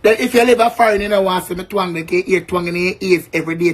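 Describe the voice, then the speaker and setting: Talking quickly with few pauses, a Jamaican man with a high voice and Jamaican accent rants to camera. The vlogger is brash and boastful toward his viewers and swears a lot.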